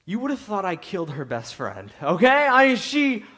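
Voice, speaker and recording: A man's voice: sits high, huge pitch swings, normal speed, fairly bright tone. A young adult man, a pastor, giving a conversational sermon full of asides, restarts and rhetorical questions.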